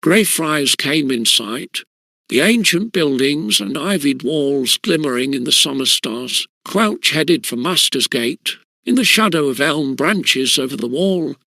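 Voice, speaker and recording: A man narrating an audiobook in measured, steady storytelling. His voice is bright and slightly high, with a gravelly fry at phrase ends, close and dry. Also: dry recording. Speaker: audiobook reader.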